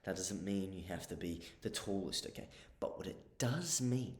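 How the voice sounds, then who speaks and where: A man talks through casual advice in a low voice, blunt and sweary, checking in with the listener over and over. The sound has a roomy echo around it. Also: moderate pace. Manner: blunt and profane, keeps checking in with "okay?". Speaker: advice vlogger.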